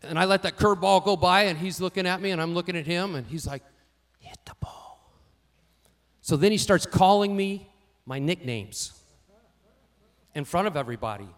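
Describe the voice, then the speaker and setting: A man preaching a sermon, telling personal stories and swinging from quiet asides to louder emphatic lines. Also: high-pitched, fast talker, few pauses. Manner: storytelling, varies loudness widely, rising for emphasis. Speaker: pastor.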